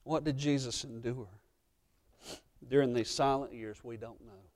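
A man preaching a sermon as pastor, emotional and impassioned, swinging between loud passages and hushed ones. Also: mid-range voice, steady tone, unhurried.

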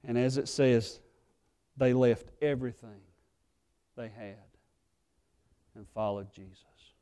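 A male pastor preaching a sermon. He swings from fervent, loud pleading to quiet, earnest low tones. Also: fairly even intonation, slow, clean tone. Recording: echoey hall reverb.

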